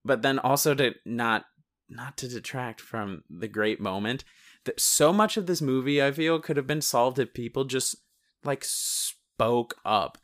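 A man co-hosting a podcast, chatting casually about a movie and retelling scenes in a rambling, animated way, swearing and laughing often. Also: medium pitch, a little slow. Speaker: podcast co-host reviewing a movie. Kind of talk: casual chat.

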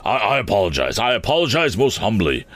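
A man's voice: fairly low pitch, sing-song, a little fast, fairly bright tone, no echo, voice pushed up. A man voicing a flustered, fussy elderly bank president who stammers and gushes, in a storybook reading. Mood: apologetic. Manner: stammering, effusive.

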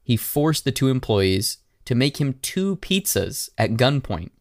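A man co-hosting a podcast, telling a crime story in casual chat and acting out loud, profane quotes. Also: medium pitch, very animated, unhurried. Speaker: podcast co-host.

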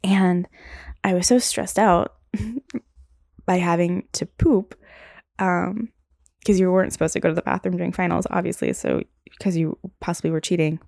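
A young woman hosts a podcast and tells a long personal story, rambling candidly, swearing, and saying "like" constantly. Her voice is lowish, darkish, and creaky, with a steady tone, normal speed, and frequent pauses, captured in studio quality with no room sound.

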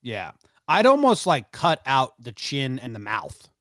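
A man's voice: medium pitch, expressive, measured pace, bright, forceful tone, no echo, clean studio sound. A man co-hosting a casual podcast chat, rambling and laid-back with lots of fillers. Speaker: podcast co-host.

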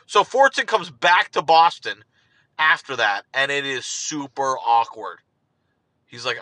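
A man's voice: mid-range voice, moderate pace, sharp tone, no echo, poor audio. A man hosting a solo sports podcast, talking casually in a rambling, digressive way and asking himself rhetorical questions. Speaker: podcast host.

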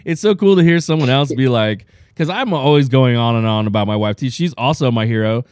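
A man's voice: medium pitch, fairly quick, darkish tone, no echo, studio quality. A man hosting a podcast, laid-back and agreeable, often calling his guest dude or man. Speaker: podcast host. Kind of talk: casual podcast interview.

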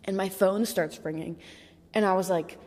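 A woman's voice: medium pitch, fairly even intonation, moderate pace, darkish tone, big-room sound. A young adult woman telling a personal story in a candid, chatty way, saying "like" a lot and swearing now and then. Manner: candid, chatty, heavy use of filler "like", swears. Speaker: vlogger. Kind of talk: casual storytelling.

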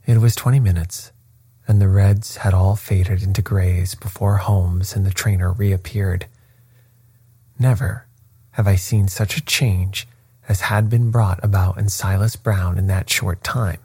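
A man reads a first-person story aloud in a slow, measured way. His voice is low, dark and a little husky. The recording is dry and close. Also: steady tone, no echo. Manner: measured, unhurried reading. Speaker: audiobook narrator.

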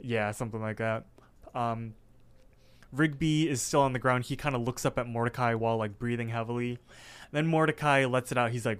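A man's voice: mid-range voice, steady tone, normal speed, smooth. A man co-hosting a casual podcast, retelling cartoon scenes with lots of fillers. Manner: recaps scenes with many fillers. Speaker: podcast co-host.

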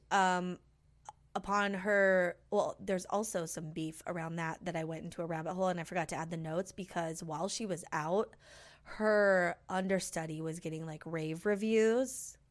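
A woman's voice: lowish voice, steady tone, normal speed. A woman rattling off gossip in a loose, casual chat. She pads almost every phrase with "like" and "um" and often restarts her sentences. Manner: chatty, many fillers like "like".

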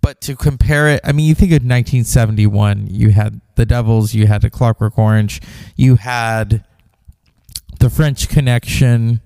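A man's voice: mid-range voice, fairly even intonation, normal speed, vocal fry, mellow, no room sound, clean studio sound. A man hosting a film podcast, talking casually and repeating himself as he goes. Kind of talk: podcast commentary.

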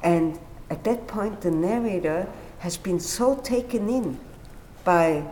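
A woman discussing literature in conversation, animated and acting out quoted dialogue. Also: on the low side, slow pace, slight background noise. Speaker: literature commentator. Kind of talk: conversational explanation.

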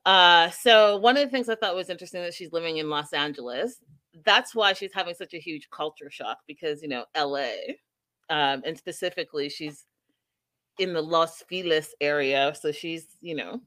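A woman co-hosting a podcast, chatting casually and telling lively stories with asides to the live chat. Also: low-pitched, no echo. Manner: animated storytelling, quick asides to live chat. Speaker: podcast co-host.

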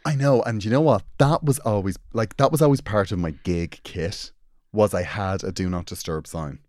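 A young man chatting casually, telling stories with big laughs and sudden quiet asides. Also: normal speed, dry recording, clean studio sound. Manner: animated storyteller, laughs often, swings between loud bursts and low asides. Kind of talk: casual chat.

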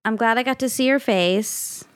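A woman's voice: fairly high pitch, normal speed. A woman co-hosting a casual podcast chat, reacting and exclaiming at a friend's story. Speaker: podcast co-host.

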